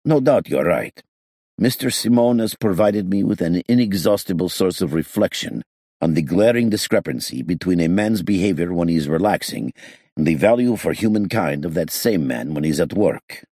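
A man voicing a reflective hotel owner who talks in a measured, slightly formal way. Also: low-pitched, lively intonation, warm tone, no room sound, studio quality.

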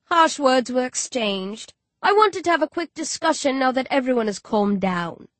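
A woman's voice: a little high, expressive, moderate pace, fairly bright tone, dry recording. A woman voicing a crude, smug male villain who simpers and talks down to others. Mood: simpering. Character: crude smug male child-killing creep.

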